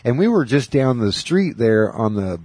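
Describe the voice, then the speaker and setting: Animated male storyteller, lively pitch. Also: moderate pace, breathy edge, no echo. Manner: animated storytelling with many voices. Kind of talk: casual chat.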